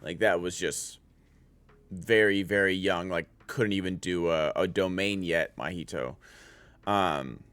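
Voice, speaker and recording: A man's voice: low-pitched, unhurried, a bit bright, clear, resonant tone, no room sound. A man giving a casual spoken anime review as a streamer, rambling with many filler words and restarts.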